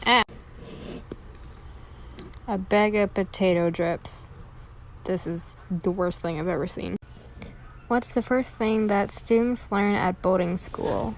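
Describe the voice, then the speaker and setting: A woman's voice: medium pitch, fairly even intonation, slow pace, pauses often, a little hiss or hum, rough recording. A woman reading corny jokes aloud and groaning at her own puns. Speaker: joke teller.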